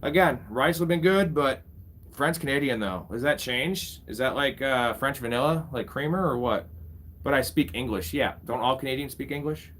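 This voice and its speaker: A man's voice: mid-range voice, normal speed, fairly bright tone. A young man casually commentating a live fantasy football draft, bantering with his chat and swearing freely. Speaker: fantasy football streamer host.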